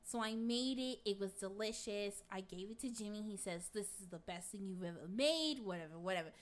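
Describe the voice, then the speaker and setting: In a comic sketch, a woman appearing as a guest takes on the role of a crude, brash middle-aged gossip. Her natural, mid-range voice moves at a fairly quick clip as she rambles through a profanity-laced story in a gossipy mood.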